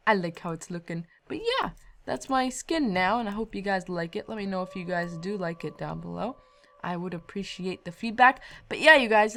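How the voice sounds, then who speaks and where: A woman giving casual, rambling commentary over her game footage, self-deprecating and quick to get loud and excited. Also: medium pitch. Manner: rambling, self-deprecating, often says "I don't know"; gets loud and excited when ranting. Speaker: Minecraft let's-player.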